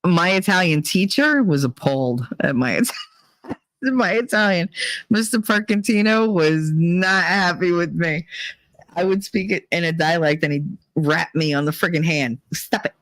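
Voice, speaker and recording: Jersey guy rambling on his stream, laughs a lot, swears, kinda high voice, dry close sound. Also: a little slow, a bit bright, no room sound, poor audio. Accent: New Jersey. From New Jersey, USA. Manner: rambling, laughing, salty and profane. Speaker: live stream host. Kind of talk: casual chat stream.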